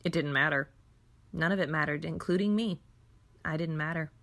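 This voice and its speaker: A woman's voice: sits low, normal speed, fairly bright tone. A woman narrating a first-person story in a somber, reflective way.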